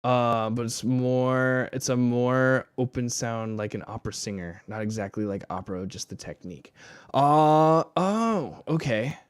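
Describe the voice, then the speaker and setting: A man's voice: medium pitch, measured pace, smooth, dry recording. A man streaming casually while making music, rambling with fillers and laughing at himself. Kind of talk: casual live-stream chat.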